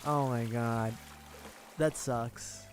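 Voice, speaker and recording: A man's voice: medium pitch, steady tone, drawn-out words, faint music behind. A man from the Philippines chatting casually with viewers on a gaming livestream, laughing often and swearing freely as he rambles.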